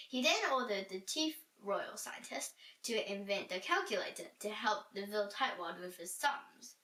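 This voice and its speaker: A woman reading a children's book aloud with expressive storytelling. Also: a little high, normal speed, few pauses. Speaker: storybook reader. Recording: roomy echo, distant from mic.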